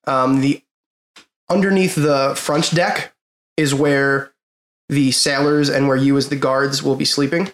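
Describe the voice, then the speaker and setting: A man's voice: medium pitch, fairly even intonation, a little slow, a bit bright, reverberant. A young man narrating as game master, casual and hesitant with frequent ums.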